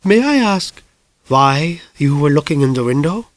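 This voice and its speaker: A man reading an audiobook, voicing a looming, stern older woman in a high, insistent voice. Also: animated, measured pace, no echo. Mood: cold.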